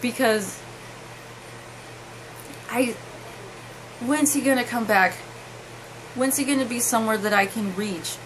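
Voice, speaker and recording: Young woman vlogger, slightly high voice, earnest and halting, faint hiss behind. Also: poor audio. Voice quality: halting and emotional, with many restarts. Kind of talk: emotional personal storytelling.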